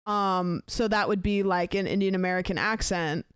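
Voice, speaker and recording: Young woman streamer, rambling anecdote style, clean dry voice, mid pitch. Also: moderate pace, clear, resonant tone, dry recording. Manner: rambling storyteller, acts out both sides of a conversation. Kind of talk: casual chat to stream chat.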